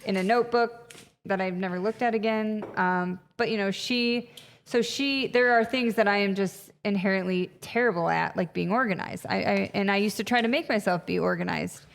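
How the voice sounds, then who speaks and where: A woman guest in a conversational interview, telling stories in an animated way with lots of fillers. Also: medium pitch, moderate pace, vocal fry. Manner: animated storyteller, many fillers. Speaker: podcast guest, retreat facilitator. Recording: long reverb, echoey room.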